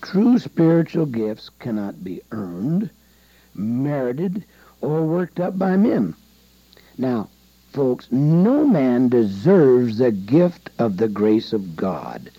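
A man preaching a sermon, emphatic and exhorting, with rising loud passages. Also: mid-range voice, very animated, slow, husky, no room sound. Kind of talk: radio sermon. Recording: dull lo-fi sound.

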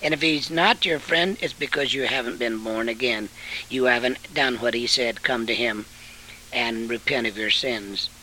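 An older man preaching a sermon, with sudden loud rises and quieter stretches of storytelling. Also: medium pitch, normal speed, rough recording.

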